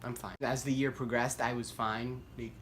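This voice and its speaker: A young man vlogging, telling a story casually and rambling with lots of "like" fillers, getting animated as he goes. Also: mid-range voice, moderate pace, a little hiss or hum. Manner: rambling, heavy use of "like", self-deprecating; animated, voice climbs when worked up.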